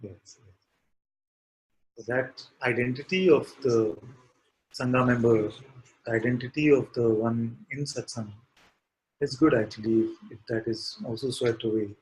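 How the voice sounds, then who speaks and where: A man at a middle pitch speaks as a spiritual teacher in a satsang. His delivery is calm and unhurried. He draws the listener in with gentle, probing questions. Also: poor audio. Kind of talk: satsang dialogue.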